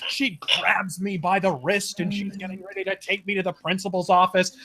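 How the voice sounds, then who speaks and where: A man's voice: sits high, moderate pace, few pauses. A man, a guest on a live talk show, telling an anecdote in casual chat. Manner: expressive anecdote-teller. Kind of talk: animated storytelling in casual chat.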